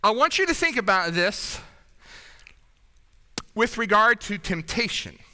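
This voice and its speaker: A man preaching with a very high, very bright voice that is smooth and clear. He talks conversationally and keeps checking in with his congregation. A long reverb trails behind him in a church hall. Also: sing-song, unhurried. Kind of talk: sermon. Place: church sanctuary.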